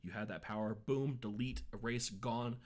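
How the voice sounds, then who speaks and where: A man's voice: mid-range voice, moderate pace. Rambling, profane man on a podcast. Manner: rambling, profane, emphatic rants. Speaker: podcast co-host. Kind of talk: casual chat.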